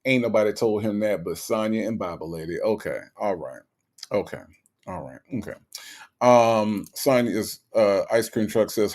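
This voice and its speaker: Animated man hosting a live stream. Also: fairly low pitch, moderate pace. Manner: animated, rhetorical questions, repeats himself; slangy, conversational. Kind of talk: casual live commentary reading chat.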